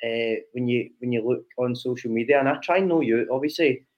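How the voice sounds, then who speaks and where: A man's voice: medium pitch, brisk, highs cut off. A young Scottish man co-hosting a podcast, talking frankly and reflectively with plenty of swearing. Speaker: podcast co-host, online coach. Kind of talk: casual chat.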